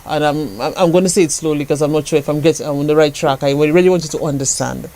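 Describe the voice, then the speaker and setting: A man with a high voice who hosts a radio interview, dropping eager interjections and asking his questions slowly and carefully. The sound is dry and close, with no room around it. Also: steady tone, no room sound. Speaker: radio host.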